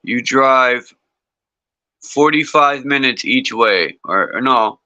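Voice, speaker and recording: A man's voice: medium pitch, slow, pushed and bright, dry recording. A man chatting casually, blunt and swearing now and then. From northeastern United States. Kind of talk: casual chat. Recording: dry, dull lo-fi call audio.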